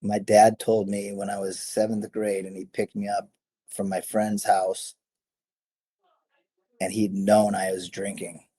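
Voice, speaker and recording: A man's voice: lowish voice, flat delivery, unhurried, long pauses, dark tone, husky. A middle-aged man, a former fighter, telling stories in a casual interview, rambling, correcting himself and laughing often. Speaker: guest, former MMA fighter.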